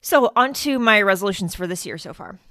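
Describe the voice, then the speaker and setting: A woman's voice: medium pitch, animated, fairly quick, bright, forceful tone, dry recording, clean studio sound. A woman hosting a podcast in casual chat, talking in a rambling, chatty way with frequent fillers and laughs. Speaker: podcast host.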